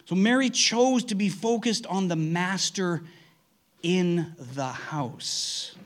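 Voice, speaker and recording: A man's voice: high-pitched, slow pace. A man preaching a conversational sermon, earnest, often restarting his sentences. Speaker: pastor.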